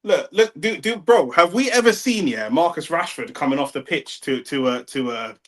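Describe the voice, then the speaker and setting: A young man with a London accent, talking slangy and excitable over a live football match and arguing with his chat. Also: on the high side, normal speed. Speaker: watch-along streamer. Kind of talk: live football watch-along commentary.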